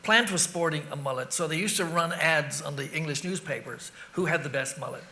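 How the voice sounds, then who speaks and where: A middle-aged Irish man, a rock singer being interviewed, telling animated stories that wander off on tangents and act out scenes with sound effects. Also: on the high side, brisk, gravelly, a little hiss or hum. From Ireland. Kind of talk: anecdotal interview storytelling.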